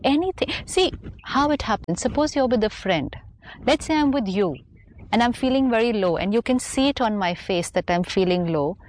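Patient female spiritual teacher, reflective, measured delivery, slight background noise. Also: on the high side, animated. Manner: patient, explanatory, gently reflective. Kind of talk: calm spiritual talk show conversation.

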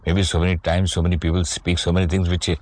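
Deep-voiced male host asking questions. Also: little pitch movement, fast talker, a little mellow. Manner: probing, questioning. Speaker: talk show host. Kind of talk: interviewer conversation.

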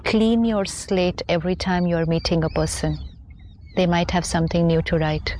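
A woman's voice: fairly low pitch, steady tone, moderate pace, a little mellow, slight background noise. A woman speaking as a spiritual teacher on a talk show, explaining her ideas patiently and reflectively.

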